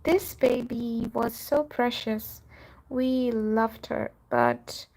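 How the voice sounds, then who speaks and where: A woman's voice: fairly high pitch, steady tone, extremely slow, creaky, darkish tone. A woman who runs a cattery and hosts her channel, chatting casually on a live stream, laughing often and trailing off with fillers. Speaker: cattery owner and channel host.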